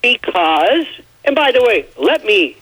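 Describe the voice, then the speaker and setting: A man on a radio talk show giving his opinions in an emphatic, rambling, animated way. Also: high-pitched, slow pace, breathy edge, low-quality recording. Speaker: radio commentator.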